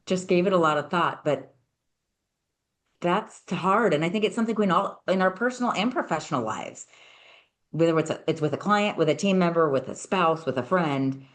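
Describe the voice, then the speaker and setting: A woman's voice: low voice, a little fast. A woman hosting a podcast, talking in an earnest, personal way and affirming her guest. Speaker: podcast host. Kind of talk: casual conversational interview.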